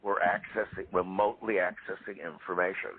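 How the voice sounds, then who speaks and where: A man in his seventies, a parapsychologist guest, telling stories in a lively way in a live interview. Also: low-pitched, a little fast, a little hiss or hum. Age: 70s. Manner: animated storyteller. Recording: tinny phone-line audio.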